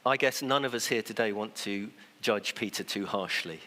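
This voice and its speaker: Man, pastor, sermon, conversational, acts out quotes, lowish voice, long church reverb. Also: normal speed, bright, forceful tone.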